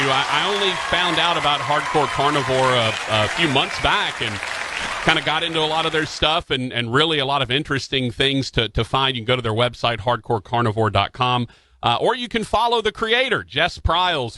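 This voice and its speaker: A man's voice: mid-range voice, background noise. A man hosting a radio show, chatting casually with a guest, often restarting his sentences with fillers. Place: radio studio. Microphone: studio microphone.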